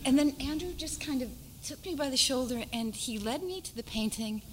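A woman painter on a panel, telling a personal story in an animated, halting way full of restarts. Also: high voice, slight background noise, poor audio. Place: panel discussion at an art school.

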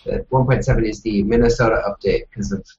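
A man's voice: on the low side, steady tone, fast talker, a little mellow. Young male panelist, hesitant delivery, muffled slightly noisy recording. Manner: hesitant, trailing off. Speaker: podcast panelist. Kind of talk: casual chat. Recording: dull, faintly noisy audio.

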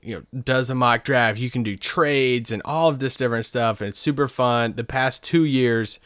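A man's voice: medium pitch, normal speed, a bit bright, smooth, dry recording, studio quality. A man co-hosting a casual sports podcast, easygoing and explaining things at length. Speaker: podcast co-host.

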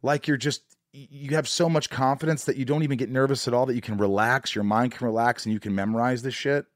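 A man's voice: mid-range voice, fairly even intonation, fast, no echo, clean studio sound. A man hosting a podcast, asking questions in a casual, joking and teasing way. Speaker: podcast host. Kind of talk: casual interview chat.

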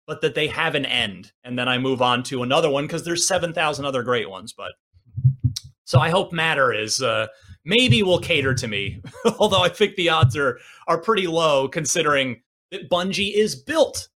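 A man's voice: a little high, lively intonation, normal speed, pushed and bright. A man in his forties hosting a casual gaming podcast, rambling and self-deprecating with many restarts. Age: 40s. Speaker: podcast host.

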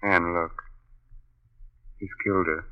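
A man's voice: low voice, level tone, slow pace, smooth. A man playing a husband watching a ghostly murder in a 1930s radio drama. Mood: awestruck. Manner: hushed, awestruck, urgent. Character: shaken husband witnessing a ghostly scene. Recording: dull, faintly hissy old radio recording.

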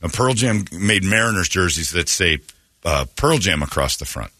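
Animated man telling a story, bright voice. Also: low voice, moderate pace, no room sound, studio quality. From Phoenix, Arizona. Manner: animated storyteller, mimics people he describes. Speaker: radio show host. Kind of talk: casual storytelling on a radio show.

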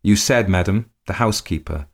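A man voicing a grim, sullen gentleman. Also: deep voice, moderate pace, gravelly. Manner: sullen and grim, flaring into rage. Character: brooding, sullen ruined gentleman husband.

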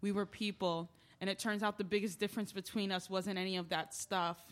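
A woman's voice: mid-range voice, little pitch movement, a little fast. Woman delivering a confiding stage monologue. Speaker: lead character in a stage play.

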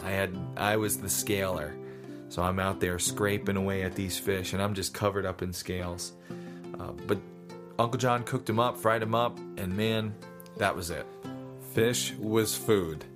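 Brief: easygoing man with a deep-ish voice, teaching fishing in a folksy, anecdotal way. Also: flat delivery, moderate pace, music in the background. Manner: folksy, storytelling. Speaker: fishing instructor. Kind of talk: casual how-to talk.

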